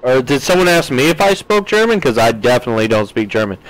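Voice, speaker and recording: A man's voice: mid-range voice, a little fast, no echo, low-quality recording. A man from the United States in his thirties, streaming a game live and chatting with his viewers, reading their messages aloud with playful jokes.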